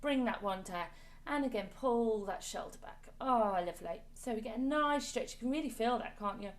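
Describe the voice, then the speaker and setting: Woman, choir leader, slightly high voice, chatty, encouraging, video call from home. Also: expressive, moderate pace. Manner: chatty, encouraging, coaxing with repeated "lovely". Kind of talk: online singing warm-up class.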